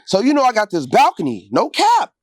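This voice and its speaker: Interview guest, man, animated slangy storyteller who acts out quotes; bouncy intonation, dry close sound. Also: high voice, a little fast, dry recording. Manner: gets loud and heated late in the telling.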